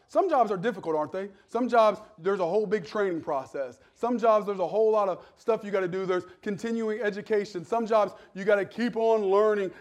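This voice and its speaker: A male pastor preaching a sermon, swinging between loud, rising exhortation and quiet, chatty storytelling. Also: sits high.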